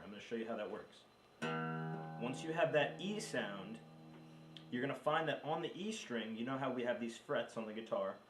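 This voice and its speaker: Chatty guitar teacher in an echoey room. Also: male voice, mid-range voice. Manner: loose and chatty, with filler words. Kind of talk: casual video guitar lesson. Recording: roomy, distant mic with guitar playing. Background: guitar notes played between phrases.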